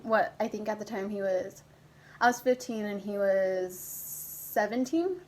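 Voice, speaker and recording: A young woman vlogger chatting casually as she tells a personal story, animated and a bit crude, now and then putting on a high squeaky voice for her younger self. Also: a little slow, poor audio.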